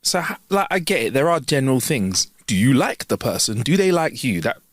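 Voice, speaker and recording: A man co-hosting a casual podcast, telling stories with animated bursts and laughs. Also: medium pitch, a little fast, no room sound, clean studio sound. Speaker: podcast co-host.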